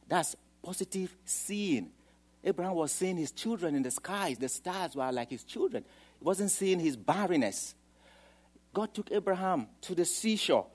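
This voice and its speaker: A man's voice: sits high, lively intonation, normal speed. Dramatic preacher man, rising voice. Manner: dramatic, swings from soft to loud, acts out quoted voices. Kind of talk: sermon.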